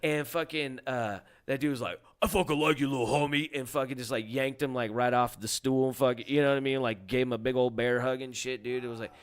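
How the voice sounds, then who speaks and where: A man of middling pitch tells stories in a loose, casual chat. He swears freely and jumps into loud impressions of the people he talks about. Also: brisk, hardly any pauses, clear, resonant tone. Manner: animated storyteller, swears a lot, acts out quotes loudly. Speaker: podcast co-host, comedian.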